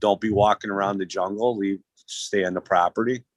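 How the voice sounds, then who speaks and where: Man, low voice, rambling profane storyteller, dry close sound. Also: fairly even intonation, fairly quick, no room sound, poor audio. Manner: rambling, profane, acts out quotes. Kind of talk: casual storytelling.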